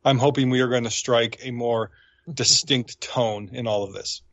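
A man's voice: medium pitch, fairly even intonation, normal speed, fairly bright tone, no echo, highs cut off. A man, a pastor, is a guest on a talk program, explaining theology in an earnest, explanatory way.

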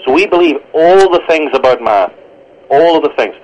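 A man's voice: fairly high pitch, expressive, moderate pace, darkish tone, slight background noise. Pastor guy calling in, earnest, stumbles over words, dull phone-line sound. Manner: earnest, stumbling restarts, quotes scripture. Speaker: pastor, radio guest. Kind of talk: radio interview, theological answer.

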